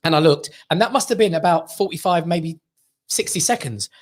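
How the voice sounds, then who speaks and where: A man from England telling a lively personal story on a panel show, acting out what others said. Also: on the high side, a little fast. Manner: animated anecdote teller, acts out quotes. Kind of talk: casual chat, storytelling.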